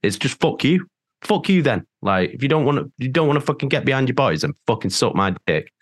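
A man's voice: mid-range voice, sing-song, fairly quick, no echo, clean studio sound. A man with a Northern English accent, a band member guest ranting bluntly and swearing in an interview. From Northern England. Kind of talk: candid interview talk.

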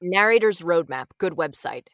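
Woman audiobook narrator, low voice, blunt and emphatic, dry close sound. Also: animated, dry recording. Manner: brisk, frank and emphatic with mild swearing. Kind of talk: casual interview advice.

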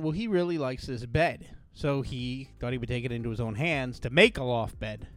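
A man, co-hosting a casual podcast and telling stories in an animated, swearing way. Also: normal speed, few pauses. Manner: animated storytelling, swearing, acting out others in shrill voices. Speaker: podcast co-host. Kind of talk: casual chat.

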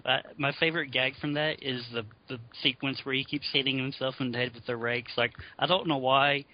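A man's voice: medium pitch, steady tone, a little fast. A man co-hosting a podcast, chatting casually and laughing as he retells favorite scenes. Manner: laughs often while recounting scenes. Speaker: podcast co-host. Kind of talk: casual chat. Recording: dull lo-fi audio.

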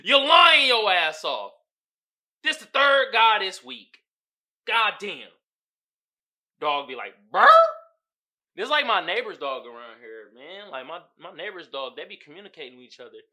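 Animated, bright-voiced slangy male podcaster. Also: sits high, moderate pace. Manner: animated, slangy and profane, often breaking into laughter. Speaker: podcast host. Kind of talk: casual podcast commentary.

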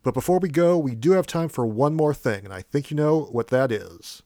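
A man's voice: mid-range voice, expressive, fairly quick, few pauses, warm tone, no echo. A man hosting a casual podcast who laughs often and also reads a story aloud dramatically. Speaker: podcast host. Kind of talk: casual chat and dramatic reading.

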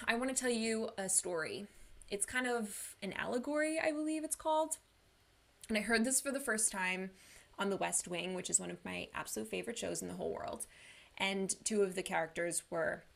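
Speaking in a gravelly, medium-pitched voice, a young woman who coaches clients through anxiety and depression delivers a sincere, laid-back pep talk. She leans heavily on the word "like."

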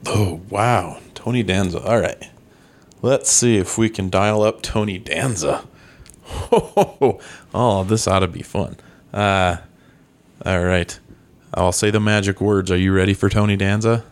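A man's voice: low voice, steady tone, unhurried. A man co-hosting a podcast, chatting casually and matter-of-factly about movies. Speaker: podcast co-host. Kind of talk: casual chat.

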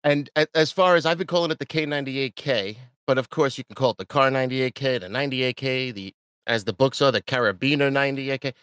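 A man's voice: mid-range voice, quick pace, fairly bright tone, smooth, no room sound. Eager, curious male podcast host. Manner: eager, curious questioner who laughs easily. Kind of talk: casual interview chat.

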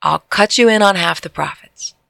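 A woman voicing a grinning, scheming young man in a spoken fantasy story, with a gravelly voice. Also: on the low side, moderate pace, a bit bright, no echo. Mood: cheeky.

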